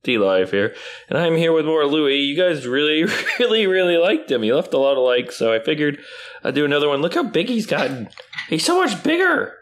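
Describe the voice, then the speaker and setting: A man chatting casually on camera while playing with his puppy, playful, often jumping up into high baby-talk at the dog. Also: sing-song, a little fast. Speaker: YouTuber filming his dog. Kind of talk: casual vlog chat with a puppy.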